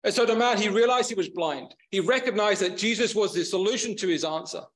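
Male preacher, slightly high voice, earnest sermon delivery with building repetition. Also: brisk, fairly bright tone, slight background noise. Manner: earnest, repetitive emphatic phrasing.

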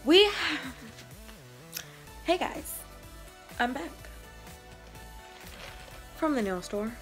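A woman's voice: sits high, big pitch swings, extremely slow, music in the background. A young woman vlogging a shopping haul in a casual, slangy, playful way, a bit out of breath. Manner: chatty, slangy, playful, rambling.

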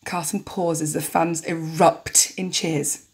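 A woman's voice: sits low, little pitch movement, takes it slowly. A woman narrating and commenting casually on a story game, chatty and joking as she goes. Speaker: let's play narrator.

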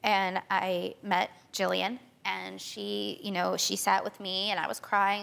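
A woman's voice: medium pitch, gravelly, a bit bright. A young woman in her twenties, a talk show guest, telling her story with urgency and frequent restarts. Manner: tearful, rushed storytelling with many restarts. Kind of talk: emotional talk show testimony.

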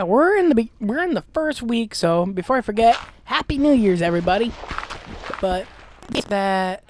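A woman with a medium-pitched voice hosts a Let's Play, ranting with exasperation over the gameplay, swearing a lot and putting on mocking voices. She's gassy and keeps clearing her throat, and there's noise in the background.

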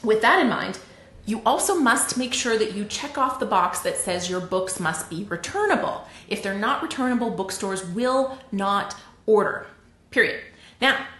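Canadian woman, livestream host, chatty, animated, lots of laughter, roomy echo. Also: mid-range voice. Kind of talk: casual livestream teaching.

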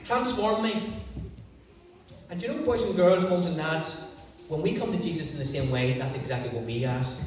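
Preacher telling a bible story to kids, higher voice, big echoey church, mic a ways off. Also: male voice. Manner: animated storytelling, drawn-out emphatic phrases. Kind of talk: children's holiday club sermon. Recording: echoey church hall from far off.

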